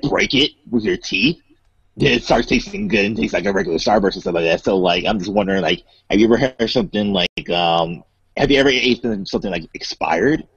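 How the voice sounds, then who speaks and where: A man's voice: fairly low pitch, husky, dry recording. A young man co-hosting a podcast, telling a rambling casual story and filling every phrase with "like". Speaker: podcast co-host. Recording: dull dry mic sound.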